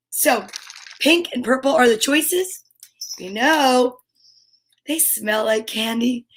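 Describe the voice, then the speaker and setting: A woman with a New Jersey accent hosting a live children's story time, talking to young viewers in an animated, sing-song way. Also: sits high. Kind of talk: live-streamed children's program.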